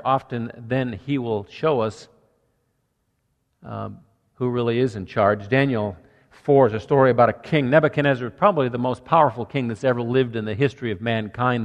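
A man's voice: mid-range voice, long reverb tail, muffled recording. A man preaching a sermon as pastor, earnest and conversational, working through numbered points.

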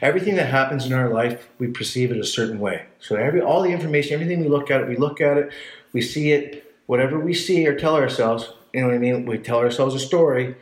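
Man, candid storyteller, swears freely, mid-pitched, roomy mic sound. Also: fast talker. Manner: blunt, swears a lot, animated when retelling scenes. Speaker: guest telling his life story. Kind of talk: casual storytelling chat.

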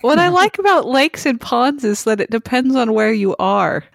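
A woman's voice: fairly high pitch, lively intonation, moderate pace, gravelly, no echo, clean studio sound. A woman co-hosting a comedy podcast, making wry remarks. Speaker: co-host. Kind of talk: casual comedic chat.

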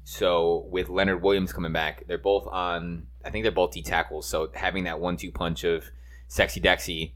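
Man, very deep voice, casual sports podcast chat, profane, rambling. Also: level tone, moderate pace, fairly bright tone. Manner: profane, rambling, enthusiastic fan talk. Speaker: podcast co-host.

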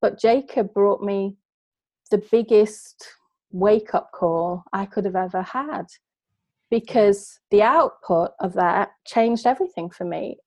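A woman's voice: medium pitch, slow pace, darkish tone, no echo. A middle-aged woman, a guest who tells a personal story in an earnest, heartfelt way. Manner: earnest, heartfelt, emotional retelling. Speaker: guest, business coach.

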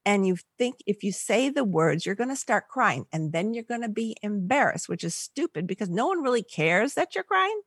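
An older woman from the Los Angeles area, a podcast guest, telling a personal story in an animated way and acting out the voices of people she quotes. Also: mid-range voice, normal speed, few pauses, breathy edge, dry recording, clean studio sound. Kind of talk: storytelling in a conversational interview.

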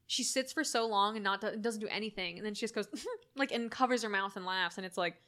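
A young woman in casual chat about a film, animated and full of "like", sometimes swearing. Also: medium pitch, quick pace. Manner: animated, swearing, heavy use of "like", jumps into excited shrieks. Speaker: podcast co-host discussing a film.

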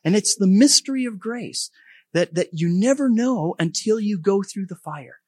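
A middle-aged man gives a heartfelt testimony in an earnest, halting manner. He restarts and repeats words often, and his voice sits a little high. The recording is dry and close, with no room sound. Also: lively intonation, breathy edge, no echo. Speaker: speaker sharing a testimony. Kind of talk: testimony talk.

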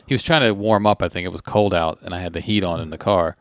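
A man telling a story in casual chat, animated, with his voice jumping up when he quotes people. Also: deep voice, fast, dry recording, clean studio sound.

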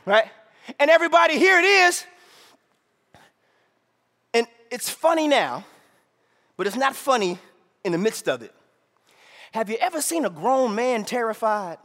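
High, bright-voiced preacher. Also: male voice, big pitch swings, measured pace, long pauses, long reverb tail. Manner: call-and-response, repeats "right?" often, swings from shouts to hushed asides. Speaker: pastor. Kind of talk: sermon.

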